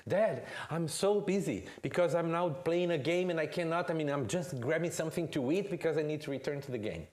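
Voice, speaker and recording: A man's voice: fairly high pitch, fairly quick, a little mellow, pitched above the performer's own voice, close to an everyday voice. A man voicing a tired ten-year-old boy who whines and pleads with his parents. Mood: whining. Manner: whining, pleading.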